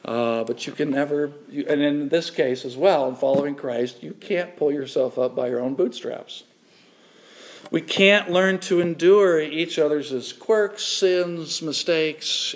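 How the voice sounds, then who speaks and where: A man's voice: on the high side, slow. A middle-aged male pastor preaching a sermon in an earnest way, building to emphatic repetition.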